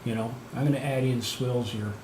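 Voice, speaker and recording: A man's voice: mid-range voice, fairly even intonation, normal speed, a little mellow. A man hosting a casual livestream, rambling and self-mocking with lots of fillers and restarts. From Canada. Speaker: livestream host. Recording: echoey room, faint background noise.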